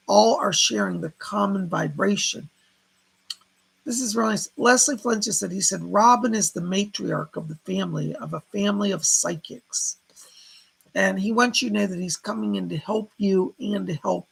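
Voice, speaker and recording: Gravelly husky man doing readings. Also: high voice, a bit bright, poor audio. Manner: relays spirit messages as quotes, thanks donors by name. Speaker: psychic medium. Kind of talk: live-stream psychic readings.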